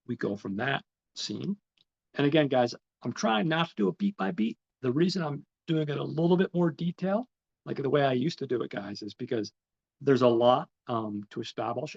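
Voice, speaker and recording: A man's voice: medium pitch, expressive, normal speed, gravelly, darkish tone. A man hosting a podcast, recapping a film in a rambling way with many ums and restarts. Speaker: podcast host. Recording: slightly dull, lo-fi recording.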